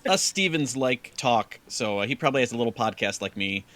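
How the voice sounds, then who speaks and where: A man's voice: mid-range voice, lively intonation, brisk, fairly bright tone. A man hosting a podcast, dropping dry joking asides in a casual interview. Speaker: podcast host.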